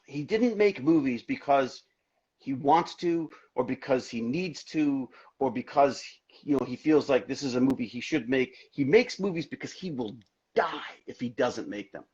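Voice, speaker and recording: A middle-aged man, an actor guest in a casual interview, telling stories in an excitable, rambling way full of restarts. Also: mid-range voice, moderate pace, slightly rough, dull audio. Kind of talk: casual video-call interview.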